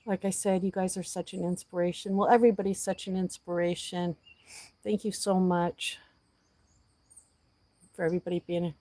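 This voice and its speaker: A woman's voice: lowish voice, flat delivery, moderate pace, pauses often, no room sound. Heartfelt woman chatting outdoors. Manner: emotional, heartfelt, talks softly to animals. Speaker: vlogger talking to a live audience. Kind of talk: casual livestream chat.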